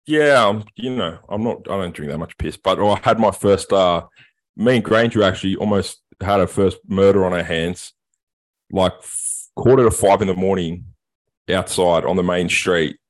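A low-voiced man co-hosting a casual podcast. He tells stories in a sweary, animated way. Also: normal speed. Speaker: podcast co-host. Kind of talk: casual chat, storytelling.

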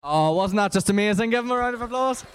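A man with energetic, encouraging delivery leading a quiz for children in a church. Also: high voice, quick pace, clean tone. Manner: energetic, encouraging, talks to a crowd. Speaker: children's worship leader running a quiz. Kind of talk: lively church address to children. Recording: echoey church hall.

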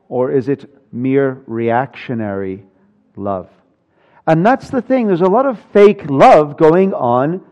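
A pastor delivers his sermon in a voice pitched a little high, moving from dry jokes to earnest emphasis. The sound is muffled and lo-fi. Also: a little mellow. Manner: storytelling, wry humor, rising emphasis. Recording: dull lo-fi sound.

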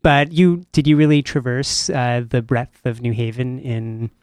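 An interview host asks relaxed, curious questions and chats easily. The voice sits at a mid pitch. The recording is dry and close. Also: measured pace, dry recording. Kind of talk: casual interview.

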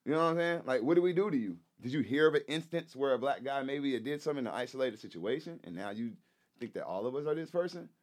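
A man's voice: medium pitch, expressive, fast. A man talking as a guest on a casual podcast, emphatic and profane, who repeats points and keeps checking in with "you know what I'm saying". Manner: profane, loose slangy delivery. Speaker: guest, rapper and activist.

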